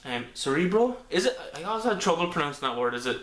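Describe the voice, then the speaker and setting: Man, casual comic review, bright voice, lots of ums and restarts, echoey room, camera mic. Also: a little high, sing-song, fast. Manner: rambling with many ums and restarts.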